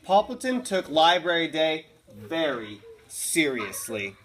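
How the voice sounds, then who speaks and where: A woman's voice: low voice, very animated, slow pace, noisy background. A woman teacher reading a picture book aloud to her class in a classroom, with chatty asides and easy laughs.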